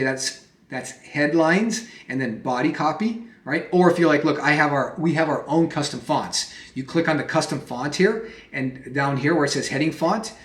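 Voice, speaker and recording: A man walks a viewer through a software task in a relaxed, conversational way, often restarting phrases and checking in with quick questions. His voice sits at an ordinary, middle pitch. The recording carries a noticeable echo from the room. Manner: conversational, repeats and restarts phrases, lots of "okay?" and "right?" checks. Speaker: presentation software instructor. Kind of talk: casual screen-recorded tutorial. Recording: echoey room sound.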